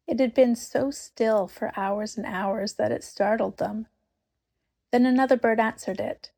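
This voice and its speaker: Slow, breathy woman reading a storybook. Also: a little high. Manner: unhurried, expressive, often dropping to a whisper. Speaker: narrator.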